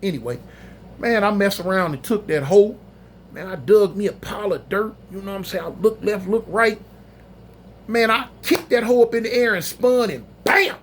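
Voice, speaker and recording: High-voiced man telling a slangy story. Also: normal speed, a little hiss or hum. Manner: animated, slangy, acts out other voices. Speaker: storyteller recounting prison life. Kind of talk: casual storytelling monologue.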